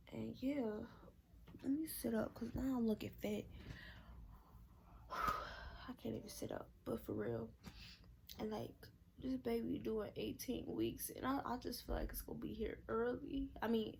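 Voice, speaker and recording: A woman's voice: fairly high pitch, gravelly, darkish tone, slight background noise, rough recording. A young woman telling a casual storytime vlog, candid and rambling with slang and swearing, sounding out of breath. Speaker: vlogger.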